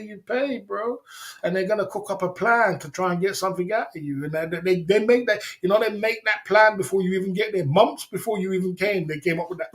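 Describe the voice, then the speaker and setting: A man talks casually to his livestream chat, his voice sitting a little high for a man. He drawls through slangy asides and laughs between his points. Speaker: livestream host.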